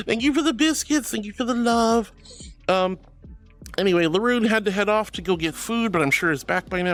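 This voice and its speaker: Young woman, giggly, very lively voice, casual stream chat, faint music behind. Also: mid-range voice, fairly quick. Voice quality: playful, giggly, bubbly.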